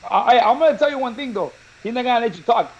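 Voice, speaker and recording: A man co-hosting a talk show, telling funny stories in a lively, laughing way. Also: very high voice, racing, muffled recording, a little hiss or hum. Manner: animated, laughing storyteller. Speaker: show co-host. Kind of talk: casual storytelling chat.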